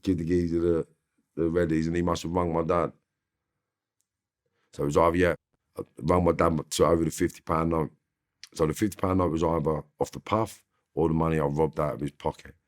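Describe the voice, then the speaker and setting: A man with a very deep voice, telling blunt, slangy stories about his past as an interview guest. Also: little pitch movement, fairly quick, long pauses. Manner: blunt, swears freely, slangy. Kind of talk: casual storytelling.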